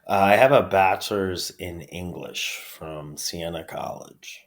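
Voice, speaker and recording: A man from upstate New York with a New York accent, chatting casually as an interview guest, laughing often and filling pauses with ums. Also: sits low. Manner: relaxed, laughs often, many fillers. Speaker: guest, pro wrestler.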